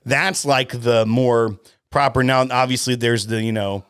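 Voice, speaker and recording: A man's voice: mid-range voice, steady tone, unhurried, a bit bright, clean tone, no room sound. A man co-hosting a casual whiskey podcast, opinionated and joking, with many restarts, on a close studio mic. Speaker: podcast co-host.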